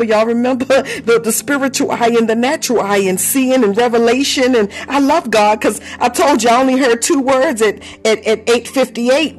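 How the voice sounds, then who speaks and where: A woman leading a fervent live prayer, preaching with repeated phrases, bursts of tongues and laughter, calling on listeners by name. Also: a little high. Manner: impassioned, repetitive, speaks in tongues, laughs between phrases. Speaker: prayer leader.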